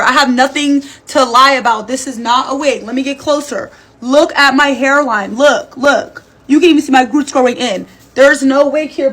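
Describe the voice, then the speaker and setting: A woman responding in a vlog, insistent and exasperated. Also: sits high.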